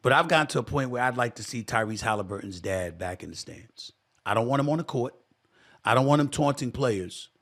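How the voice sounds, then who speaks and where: A man's voice: medium pitch, lively intonation, brisk, a bit bright. A middle-aged man hosting a sports talk show, emphatic and fiery, with a preacher-like rhythm. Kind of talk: impassioned sports commentary.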